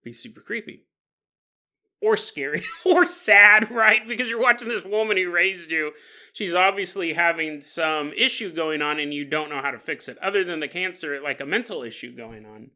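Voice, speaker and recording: Podcast guy with a bright edgy voice, rambling through a ghost story, cracks jokes. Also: on the high side, normal speed. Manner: joking asides, chuckling between lines. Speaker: podcast host. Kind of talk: casual paranormal storytelling.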